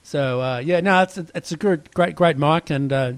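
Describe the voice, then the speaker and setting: A man's voice: on the high side, moderate pace, no echo. A man with an Australian accent hosting a podcast in casual, chatty talk, often saying mate. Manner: chatty, laughs easily, says mate a lot. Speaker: podcast host. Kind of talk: casual chat.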